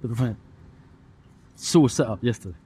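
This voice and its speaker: A young man, telling a story in casual podcast chat, animated and swearing, acting out what others said. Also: mid-range voice, a little fast, breathy edge. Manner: animated, swearing, mimics others in his stories. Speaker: podcast co-host.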